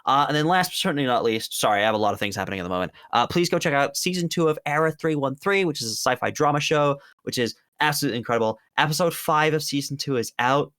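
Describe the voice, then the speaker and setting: A man's voice: medium pitch, lively intonation, fast talker, hardly any pauses, a bit bright, no room sound, clean studio sound. A man from the UK, a player on a tabletop game stream, chatting casually at the end of the stream in an upbeat, rambling, self-mocking way. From United Kingdom. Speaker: tabletop game player plugging his projects.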